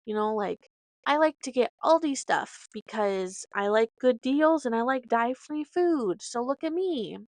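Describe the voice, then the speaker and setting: A woman's voice: a little high, expressive, unhurried, a little mellow, dry recording. A woman hosting a podcast, telling a story in a casual, rambling way with side notes and self-corrections. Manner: dramatic, acts out quoted dialogue. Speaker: podcast host.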